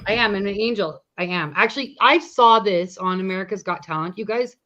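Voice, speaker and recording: A woman chats casually on a livestream, teasing her co-hosts with crude jokes. Her voice sits at a medium pitch. The audio comes through a computer mic on a call and sounds a bit dull and lo-fi. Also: a little fast, bright, forceful tone. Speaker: livestream co-host.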